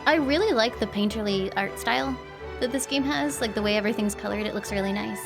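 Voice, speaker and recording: With game music in the background, a young woman gives live commentary while streaming from home. Her medium-pitched voice is fast and creaky, and she keeps things loose, laughing a lot and naming viewers to thank them.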